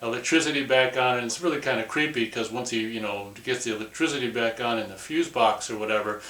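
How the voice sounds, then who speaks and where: A man's voice: mid-range voice, fast talker, a bit bright. Male film reviewer, rambling casual recap, echoey room. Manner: rambling, loose, peppered with "or whatever". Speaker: movie reviewer.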